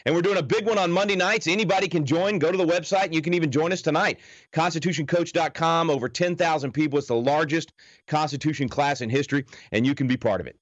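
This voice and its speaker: A man from Texas, a guest teaching the Constitution, answering earnestly and pitching his course with emphasis. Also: fast talker, no room sound, highs cut off. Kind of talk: interview answers.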